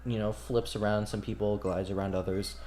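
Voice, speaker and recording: A man's voice: lowish voice, level tone, a little fast, darkish tone, slight background noise. A man running a tabletop game as game master, narrating casually with many fillers and curses. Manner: casual, filler-heavy, profane.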